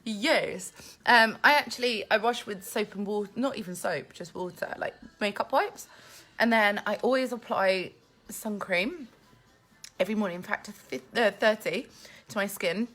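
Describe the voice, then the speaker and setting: Medium in pitch and a bit bright, this woman from England talks at a normal speed. Holding a phone in her hand at home with family, she hosts a relaxed live-stream Q&A, chatting away and reading out comments from viewers.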